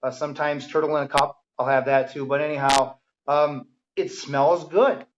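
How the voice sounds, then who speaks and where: Storytelling firefighter guest, lo-fi. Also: male voice, on the high side, steady tone, normal speed. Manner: enthusiastic storyteller, many ums and restarts. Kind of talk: casual podcast conversation. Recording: dull lo-fi audio.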